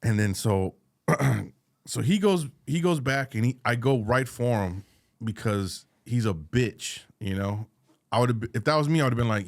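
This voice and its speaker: A man's voice: mid-range voice, measured pace. A man co-hosting a podcast, telling a profane comedic story and acting out every voice in it. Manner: profane, animated, acts out both sides of a story. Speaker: podcast co-host.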